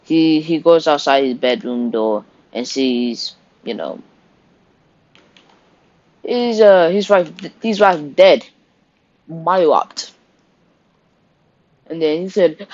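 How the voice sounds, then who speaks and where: A man's voice: fairly high pitch, slow, long pauses, a little mellow, slight background noise. A man narrating an improvised fan story in a loose, rambling way. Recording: dull lo-fi recording.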